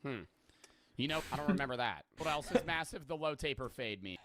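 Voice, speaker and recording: A man's voice: medium pitch, animated, brisk, background noise. A young man in casual live-stream reaction chat who rambles, jokes and swears freely.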